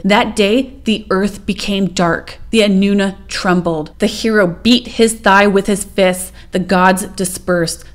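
A woman hosting her own channel, reading an ancient epic aloud in a measured, solemn way, then musing about it in casual commentary. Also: medium pitch. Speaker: channel host.

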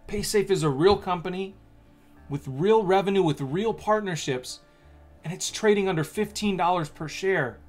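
A man hosting a casual stock market video, reading news aloud and rambling excitedly between the lines. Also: sits high. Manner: excitable and rambling, with many restarts and asides.

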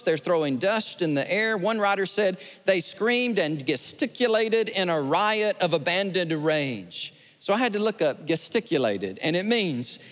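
A man preaching a sermon, telling stories in an animated, lively way. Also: high-pitched. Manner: animated storytelling, acts out scenes with rising excitement. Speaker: pastor. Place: large church sanctuary. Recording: long church hall reverb.

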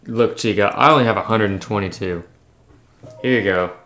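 A man's voice: on the low side, normal speed, fairly bright tone, roomy sound. A man giving casual let's-play commentary, reading game text aloud between chatty remarks. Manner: reads on-screen text aloud, chatty asides. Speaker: gaming YouTuber.

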